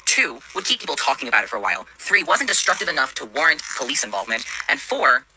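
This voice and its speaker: Young man, storyteller, sarcastic and profane, quick delivery, very bright tone. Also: a little high, huge pitch swings, creaky, a little hiss or hum, low-quality recording. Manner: sarcastic, swears a lot. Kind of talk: casual storytime narration.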